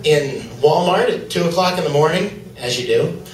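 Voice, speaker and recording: A male stand-up comedian with a fairly high voice tells a loose, rambling set, full of fillers. The sound is roomy and distant, picked up from far off in a comedy club, with faint noise behind him. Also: animated, normal speed.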